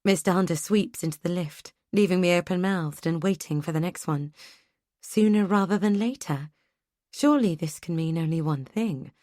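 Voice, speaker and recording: A woman narrating a first-person thriller audiobook in a brisk, tense way. Her voice sits on the low side and is recorded close on a studio mic. The sound is dry, with no room echo. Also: dark tone.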